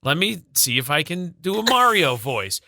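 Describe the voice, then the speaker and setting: A man's voice: a little high, sing-song, normal speed, creaky, sharp tone, a little hiss or hum. A man co-hosting a morning radio show in a studio, chatting casually and telling self-deprecating stories with plenty of fillers. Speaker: radio co-host. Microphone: studio microphone.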